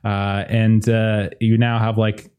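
A young man narrating a tabletop game as game master, chatty and relaxed with many fillers. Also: on the low side, slow pace, clean tone.

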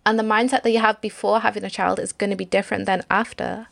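A woman in a casual podcast chat, speaking in a measured, reflective way. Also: medium pitch, little pitch movement, creaky, fairly bright tone.

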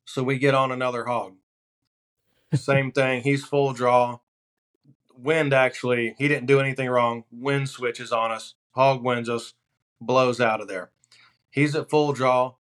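A man guesting on a podcast as a hunting outfitter, telling stories in a relaxed, animated way with deadpan punchlines. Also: medium pitch, measured pace. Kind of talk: casual podcast storytelling.

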